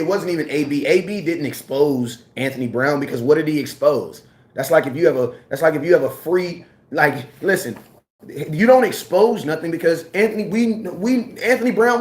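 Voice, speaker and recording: A man with a fairly high voice rants in a casual sports talk, slangy and worked up, hammering his points again and again. His voice rings in an echoey room. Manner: animated, ranting, repeats himself, slangy. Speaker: sports commentator.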